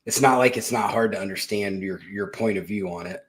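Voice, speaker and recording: A man's voice: on the low side, fairly quick. Blunt, sarcastic male political commentator. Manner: sarcastic, blunt and mocking, with swearing; rambling with restarts and asides. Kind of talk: casual opinion monologue.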